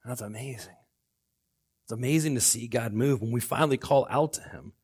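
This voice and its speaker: A middle-aged man preaching a sermon as pastor, swinging between loud outbursts and hushed lines. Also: mid-range voice, normal speed, breathy edge.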